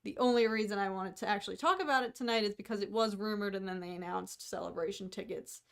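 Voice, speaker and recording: A woman's voice: medium pitch, fast talker, gravelly. A woman co-hosting a casual livestream chat who talks freely, hedges her guesses and laughs at herself. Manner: chatty, self-deprecating, hedges often. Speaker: co-host of a fan podcast livestream.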